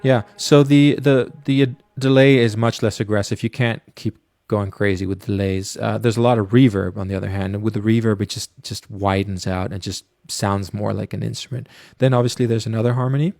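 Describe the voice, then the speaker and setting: A man, a music producer, casually talking through a studio mixing tutorial with many pauses and fillers. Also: on the low side, fairly even intonation, vocal fry, darkish tone, no room sound. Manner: casual, hesitant, lots of fillers.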